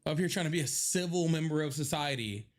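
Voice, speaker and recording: A man's voice: a little high, fast talker. A man hosting a casual live chat, rambling and joking with his viewers, laughing often, a little stuffy from allergies. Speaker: live stream host.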